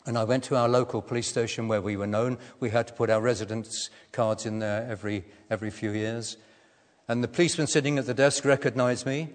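A man's voice: mid-range voice, fairly even intonation. Older man preaching in an echoey hall. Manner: measured storytelling, gentle humour. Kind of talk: sermon with a personal story.

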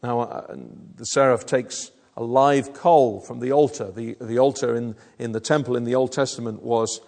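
Gravelly preacher in a reverberant hall. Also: male voice, mid-range voice, steady tone, moderate pace, a little mellow. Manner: earnest, explanatory, with frequent restarts and fillers. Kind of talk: sermon.

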